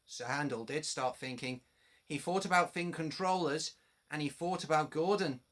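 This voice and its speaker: A man reading a storybook aloud to young children, addressing them directly. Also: on the high side. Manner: slow, animated, addressing children.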